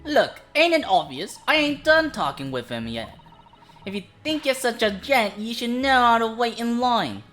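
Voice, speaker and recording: A woman voicing a brash young street girl with a put-on Cockney accent, loud and indignant. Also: a little high, big pitch swings, moderate pace, faint music behind. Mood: defiant.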